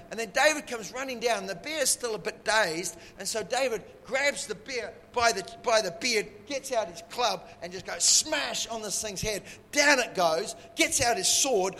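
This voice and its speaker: A man's voice: high-pitched, sharp tone, big-room sound. A man preaching, telling a story playfully with lots of sound effects. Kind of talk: animated sermon storytelling.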